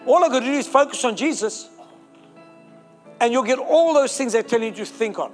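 A man's voice: extremely high pitch, expressive, a little fast, soft background music. A man preaching a sermon, fervent and exhorting, rallying the congregation to repeat declarations.

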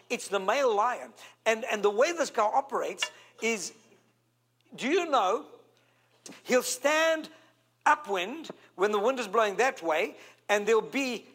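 A man from South Africa with a South African accent, preaching a sermon in an animated way, stretching key words and calling for amens from the congregation. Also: high voice.

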